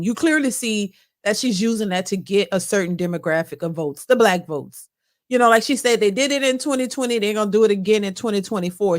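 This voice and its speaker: Woman commenting in earnest, higher voice. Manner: earnest, many restarts and fillers. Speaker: reaction channel host. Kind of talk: casual commentary.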